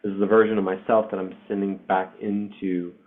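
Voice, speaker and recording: A man in his forties hosting a spiritual group call, sharing a personal experience in an informal, heartfelt way. His voice sits a little low. The audio is narrow and tinny, like a video call. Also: level tone, a little fast. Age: 40s. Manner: informal and heartfelt, says "dude", many fillers. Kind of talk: casual personal storytelling.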